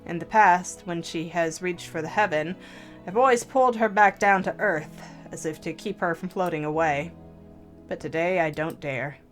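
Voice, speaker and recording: Let's-play host, a woman, low-pitched, slow measured visual-novel narration. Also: a bit bright, faint music behind. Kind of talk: reading a visual novel aloud.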